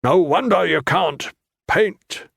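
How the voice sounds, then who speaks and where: A man's voice: sits high, gravelly, fairly bright tone, slightly rough, no echo, studio quality, pitched above the performer's own voice, heavily acted. A man doing a stern, cryptic old monk. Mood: stern lecturing. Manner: slow, probing, lecturing questions. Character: stern, cryptic older male monk teacher.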